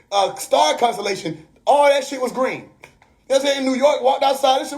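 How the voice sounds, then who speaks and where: High-voiced man preaching on a live stream. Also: brisk. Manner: preachy, laughing often, repeats "you know what I mean". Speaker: livestream host. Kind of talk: casual livestream monologue. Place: bedroom.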